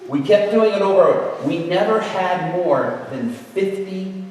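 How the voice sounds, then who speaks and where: A man preaching with an animated, humorous storytelling manner, heard in an echoey hall from far off. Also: high voice, slow. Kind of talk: storytelling sermon. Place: event venue.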